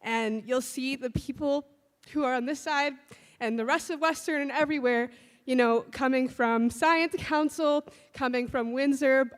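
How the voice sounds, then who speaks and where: Young woman, high-pitched, tearful and halting, thanking supporters after winning a student election; reverberant hall. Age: young adult. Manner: halting, grateful, restarts often. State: emotional, tearful. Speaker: newly elected student president. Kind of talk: emotional acceptance speech. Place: large hall. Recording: long reverb in a large hall.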